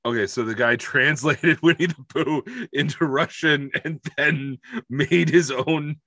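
A man co-hosting a podcast in casual chat, animated and joking, often catching and correcting himself. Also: fairly high pitch, unhurried, dry recording. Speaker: podcast co-host.

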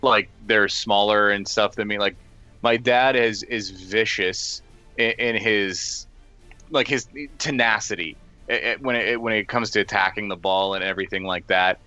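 A man on a podcast chatting casually, halting and stumbling over his words. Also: on the low side, steady tone, pushed and bright, dry recording, faint music behind. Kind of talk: casual chat. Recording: dull, dry, lo-fi sound.

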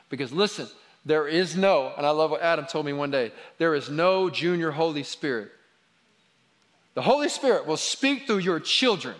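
A man preaching a sermon, telling stories about his children in a lively, animated way. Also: on the high side. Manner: animated storytelling, quoting his kids. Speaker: pastor. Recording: long hall reverb.

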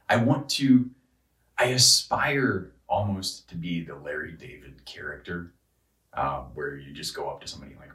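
A man's voice: low voice, moderate pace, sharp tone, roomy sound, far from the mic, low-quality recording. A man ranting casually and profanely, exasperated and rambling, often restarting his sentences. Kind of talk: casual rant.

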